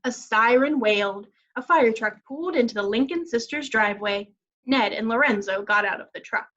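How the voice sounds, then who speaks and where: A woman teacher reading a children's story aloud in a clear, expressive way. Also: a little high, moderate pace. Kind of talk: children's read-aloud narration. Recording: dull lo-fi recording.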